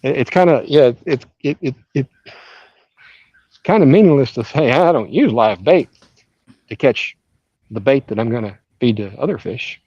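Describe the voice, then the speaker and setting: A man's voice: mid-range voice, normal speed, long pauses, a little mellow, husky, dry recording, highs cut off. A man, joking and rambling in casual chat while fishing on a live stream. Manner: joking, rambling, self-mocking. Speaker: fishing channel co-host.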